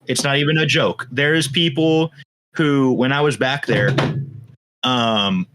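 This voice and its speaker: A man from California on a casual podcast chat, telling stories slowly and stumbling over his words. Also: medium pitch, noisy background. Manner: slow, stumbling storyteller. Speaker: podcast co-host.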